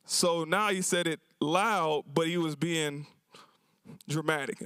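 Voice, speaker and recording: A man with a slightly high, fairly bright voice speaks at a measured pace, with no echo. He runs a cafe and is telling stories about his customers at a university symposium, speaking casually and colloquially and acting out their lines for the audience.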